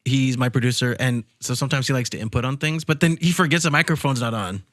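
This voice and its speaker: A man hosting a casual podcast chat, playful and teasing, cracking quick jokes. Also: medium pitch, a bit bright, dry recording, clean studio sound. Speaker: podcast host.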